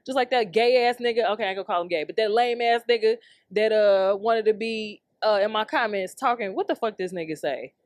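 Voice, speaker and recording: A woman's voice: mid-range voice, brisk, darkish tone, no echo, clean studio sound. A young woman hosting a podcast, ranting heatedly with nonstop swearing and bursts of laughter. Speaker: podcast host. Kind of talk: profane comedic rant. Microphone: studio mic on camera.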